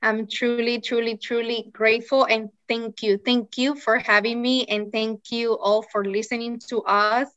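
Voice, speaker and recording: A woman's voice: a little high, flat delivery, normal speed, few pauses, fairly bright tone, dry recording, lo-fi sound. A woman guest on a podcast, a yoga teacher, talking in an earnest, rambling way in casual chat.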